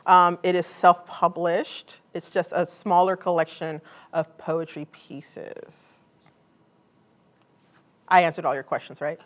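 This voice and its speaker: A woman's voice: lowish voice, steady tone, slow pace, long pauses. A woman poet reading her work aloud and then chatting with an audience in a casual, joking way, full of fillers like "like" and "um". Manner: laughs easily and jokes with the audience. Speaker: poet and author. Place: college event before a live audience.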